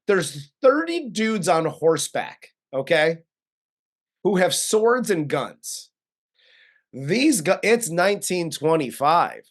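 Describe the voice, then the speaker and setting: A man co-hosts a casual movie review, recapping the plot in a loose, chatty way with frequent laughs. His voice sits a bit on the high side. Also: very animated, slow. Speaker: co-host film reviewer.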